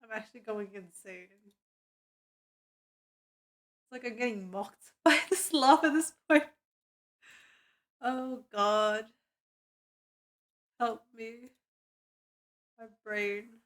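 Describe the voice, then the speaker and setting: A woman's voice: fairly high pitch, slow pace, long pauses. A woman streaming without sleep, drowsy and muttering to herself with bursts of giggling. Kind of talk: casual live-stream chatter.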